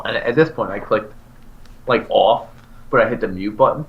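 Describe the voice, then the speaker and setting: A man's voice: moderate pace, long pauses, a little hiss or hum. A man co-hosting a podcast, telling ranting stories in casual banter. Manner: animated ranting storyteller with big pitch jumps. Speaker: podcast co-host. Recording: slightly dull lo-fi recording.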